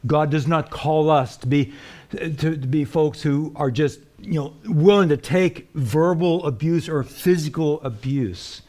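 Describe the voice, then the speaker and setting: Brief: male pastor with a fairly high voice, plain-spoken sermon, rhetorical questions, goes from loud to hushed. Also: unhurried. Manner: preaches with rhetorical questions, voice swinging between raised and hushed; plain-spoken, with colloquial phrases.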